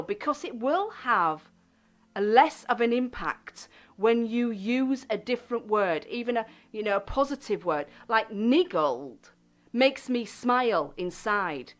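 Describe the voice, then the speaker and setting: A woman hosting a self-help radio show, speaking gently and deliberately and stressing key words. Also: fairly high pitch.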